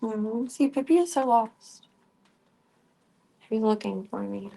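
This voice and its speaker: A woman's voice: a little high, a little slow, creaky. Chatty woman streamer rambling casually. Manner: rambling, chatty, coos softly at her pets. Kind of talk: casual chat. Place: home.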